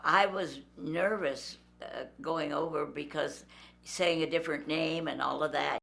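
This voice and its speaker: Gravelly-voiced older woman telling a story. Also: sits low, a little slow. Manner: lively storyteller who acts out voices. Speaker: interviewee. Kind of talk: storytelling anecdote.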